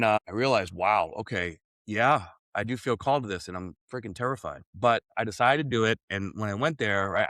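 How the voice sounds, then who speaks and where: A man's voice: medium pitch, a bit bright, no room sound. A man speaking as a podcast guest, telling his story in an earnest, reflective way, with frequent "like" and "right?" in his casual speech.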